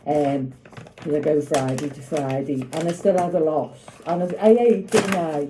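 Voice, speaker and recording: A woman's voice: low-pitched, steady tone, normal speed, noisy background. A middle-aged woman chatting casually to camera in her home kitchen while she makes food, rambling with lots of tag questions. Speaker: vlogger.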